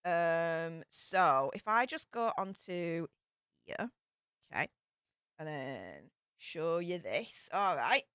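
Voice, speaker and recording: A woman's voice: fairly low pitch, sing-song, takes it slowly, fairly bright tone, clear, resonant tone, no echo, clean studio sound. A young woman, chatting bubbly and rambling as she reads out super chats on her livestream. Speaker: YouTube host.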